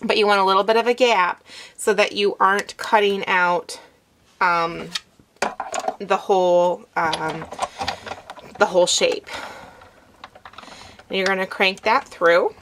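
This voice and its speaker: A woman's voice: medium pitch, fairly even intonation, slow pace, pauses often, background noise. Woman walking through a craft project. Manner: instructive, fillers and step-by-step asides. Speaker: crafting tutorial host. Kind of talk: demonstration, talking while working.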